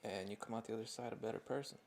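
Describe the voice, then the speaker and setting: A young man co-hosting a podcast in casual chat, with dry, sarcastic, low-key jokes. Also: fairly even intonation, very fast, creaky, darkish tone. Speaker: podcast co-host.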